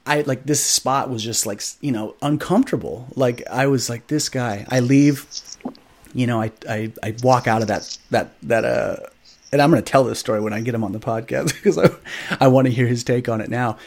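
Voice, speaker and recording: A man's voice: mid-range voice, moderate pace, creaky, a little hiss or hum. Man telling a story with lots of fillers. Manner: animated, acts out quoted dialogue, lots of fillers. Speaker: podcast guest. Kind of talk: casual storytelling.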